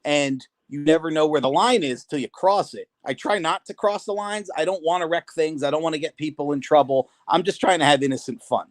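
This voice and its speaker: A man telling animated stories in a casual podcast conversation. He laughs often and acts out the voices of the people he quotes. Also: a little high, brisk, hardly any pauses, no echo. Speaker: guest, prank video maker and wrestling promoter.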